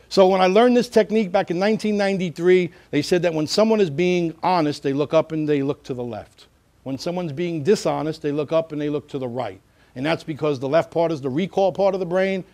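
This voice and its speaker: A middle-aged man giving an instructional talk as a security trainer, lively, acting out bits of example dialogue. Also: a little high, fairly quick. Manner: animated, acts out example dialogue.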